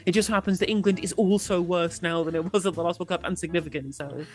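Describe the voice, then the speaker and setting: A man guesting on a podcast in casual political chat, making wry, dry jokes and measured asides. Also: high voice, steady tone, darkish tone.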